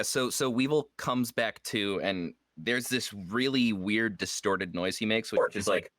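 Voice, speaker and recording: A man's voice: on the low side, a bit bright, no room sound. A man playing a tabletop game, casually describing his character's actions with many fillers. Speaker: player.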